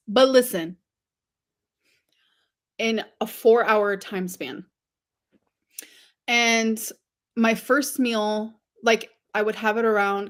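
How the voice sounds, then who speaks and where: A woman chatting casually to viewers on a livestream, rambling with lots of fillers and giggles. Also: medium pitch.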